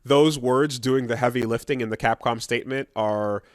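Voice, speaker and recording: A man co-hosting a podcast, chatting in a loose, rambling way and swearing as he goes. His pitch sits in the middle for a man, and the sound is close and dry with no room echo. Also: steady tone, normal speed. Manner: laid-back, rambling, swears, mock voices in quotes. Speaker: podcast co-host. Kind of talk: casual banter.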